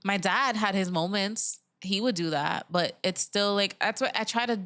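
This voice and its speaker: A young woman, a mother, with a mid-pitched, everyday voice in a casual podcast chat. She speaks candidly, laughs often and drops into quoted lines. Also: normal speed, fairly bright tone, dry recording, clean studio sound. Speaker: podcast guest.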